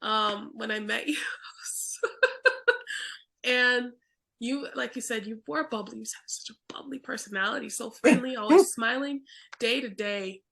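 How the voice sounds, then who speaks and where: Bright, gravelly-voiced woman podcast host. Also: on the high side, unhurried. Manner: chatty, stumbles over words, many fillers. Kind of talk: casual interview chat.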